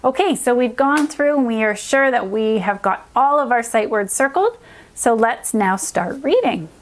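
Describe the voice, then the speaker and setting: A young adult woman who teaches reading, giving an upbeat lesson to young children and slowly sounding out letters and words. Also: on the high side, expressive.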